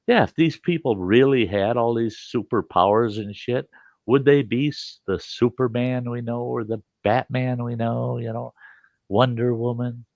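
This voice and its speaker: Gravelly older man swearing through stories. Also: medium pitch, unhurried, a little mellow, dry recording, dull audio. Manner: rambling, profane and laughing. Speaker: livestream host. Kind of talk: casual storytelling chat.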